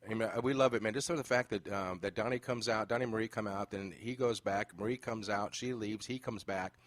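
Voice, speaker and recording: Low-voiced guy hosting a podcast, chatty storyteller, lots of uh and um, dry close sound. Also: a little fast, no room sound. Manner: animated storyteller, many fillers. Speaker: podcast host. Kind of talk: casual interview chat.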